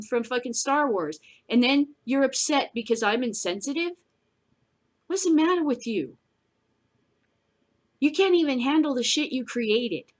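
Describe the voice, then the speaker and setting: A woman hosting a news commentary show, ranting bluntly and profanely, going from loud outbursts to low muttering. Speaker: podcast host.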